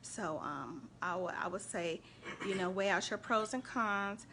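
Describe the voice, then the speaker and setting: A chatty woman, talking casually to her live-stream viewers. Her voice sits at a middle pitch, lively and warm in tone. A faint hum of background noise sits behind her. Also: measured pace. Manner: animated, chatty, shouts out viewers and laughs often. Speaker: host of a faith and relationship live stream.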